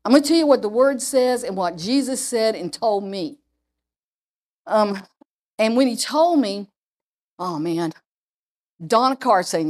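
A woman's voice: fairly high pitch, expressive, a little slow, long pauses, a little mellow. A woman giving an informal sermon full of personal testimony, chatty and repeating herself with frequent restarts. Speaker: lay preacher.

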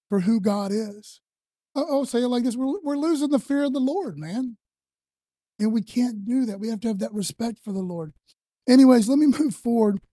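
A man's voice: high voice, dark tone, no room sound. A man preaching a sermon in a loose, conversational way, often adding "man" and "you know.". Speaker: pastor.

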